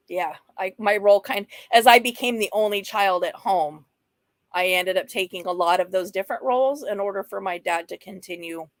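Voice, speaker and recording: A woman's voice: fairly low pitch, no echo. A frank, chatty woman in her fifties talks her viewers through a mental health topic. She laughs often and drifts into playful asides. The sound is dry and close, with little room around it. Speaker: host of a mental health livestream. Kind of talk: casual talk reading slides and chatting with viewers.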